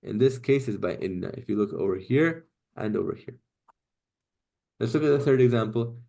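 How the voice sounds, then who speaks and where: A male teacher in a live class walks students through Arabic grammar at a steady, medium pitch. He stops often to check they follow, with a quick "right?" or "okay?". He reads short Arabic verses in a fast, practiced rush. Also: gravelly. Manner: patient, checks understanding with frequent "right?" and "okay?".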